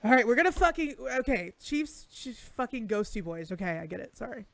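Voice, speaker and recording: A young woman co-hosts a loose sports chat with a bubbly, joking manner, dropping swear words as she goes. Her voice carries a gravelly fry, recorded close and dry. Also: on the high side, sing-song, a little fast, dry recording. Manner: bubbly, swears casually, laughs often. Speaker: podcast co-host.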